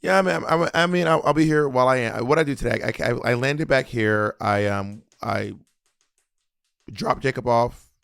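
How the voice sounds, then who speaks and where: Chatty gravelly-voiced man. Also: medium pitch, normal speed, no room sound, studio quality. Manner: chatty, theatrical, repeats words when excited. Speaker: podcast co-host. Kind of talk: casual chat.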